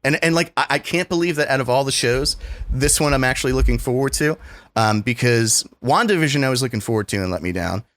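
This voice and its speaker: A man's voice: fast, no room sound. A man co-hosting a casual podcast, talking animatedly with many filler words. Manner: animated, lots of filler likes, swings up in pitch when making a point. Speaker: podcast co-host. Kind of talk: casual chat.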